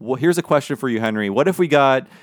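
A man co-hosting a casual podcast about cartoons, chatty and jokey with quick asides. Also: mid-range voice, expressive, dry recording, clean studio sound. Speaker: podcast co-host.

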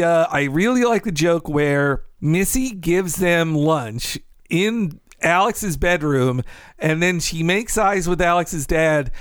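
Smooth-voiced man in casual movie chat. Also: high voice, fairly bright tone, no room sound, studio quality. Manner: laughs while recounting jokes. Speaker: podcast co-host.

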